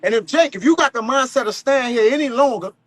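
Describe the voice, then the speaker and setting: A man with a very high voice preaches in a loose, slangy, profane way, chuckling as he goes. The sound is dry and close, with no room around it. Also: lively intonation, quick pace, dry recording. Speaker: street preacher. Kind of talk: live group teaching session.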